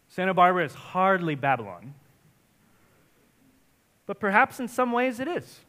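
A man preaching a sermon as pastor, speaking emphatically and often rising to forceful exhortation. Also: high voice. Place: church in Santa Barbara area.

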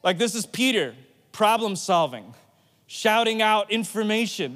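Animated high-voiced male preacher. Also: a little slow. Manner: playful, animated, acts out quotes. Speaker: pastor. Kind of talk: sermon.

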